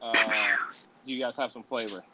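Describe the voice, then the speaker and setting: An American man asking questions in a casual interview, halting and hesitant, with many uhs. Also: medium pitch, steady tone, a crowd in the background, poor audio. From United States. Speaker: interview co-host.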